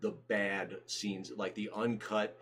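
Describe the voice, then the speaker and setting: A man co-hosting a livestream in casual chat, excitable and chatty, with lots of fillers. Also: fairly low pitch, slow, slight background noise. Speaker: livestream co-host.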